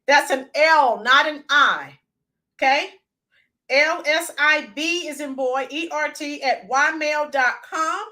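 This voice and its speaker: Woman, livestream host, casual chat, high pitch, bright tone. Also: slow. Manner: chatty, reads out viewer names, bursts into sung snippets.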